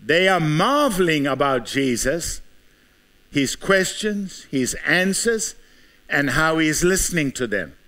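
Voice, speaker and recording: A man's voice: a little high, sharp tone. A man with a South African accent preaching a sermon as pastor, building his points with repeated rhetorical questions.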